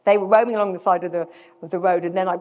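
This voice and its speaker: A middle-aged woman from Britain, speaking with a British accent, gives a self-deprecating live talk as a guest speaker and often restarts her sentences. Her fairly low voice holds a steady tone at a rapid-fire pace. The recording sounds dull, with long hall reverb.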